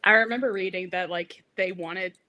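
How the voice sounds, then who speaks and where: A woman's voice: on the low side, steady tone, moderate pace, pushed and bright. A young woman co-hosting a casual chat, giggling often between remarks. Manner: giggly, chatty. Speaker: co-host reacting to a review.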